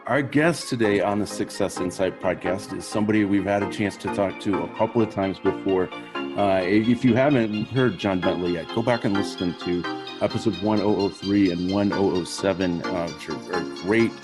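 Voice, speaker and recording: A man hosting a podcast interview, talking in a relaxed, conversational way with small hesitations. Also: deep voice, normal speed, music in the background. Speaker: podcast host.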